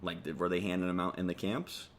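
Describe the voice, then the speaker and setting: Low-voiced sarcastic young man. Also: level tone, quick pace. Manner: sarcastic, rambling, swears freely. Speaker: comedy YouTuber. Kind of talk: casual comedic commentary.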